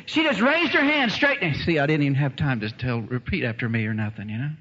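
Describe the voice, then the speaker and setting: In a big room, a man with a mid-range voice preaches fast, animatedly narrating a story and doing voices for its characters. The recording is dull and lo-fi.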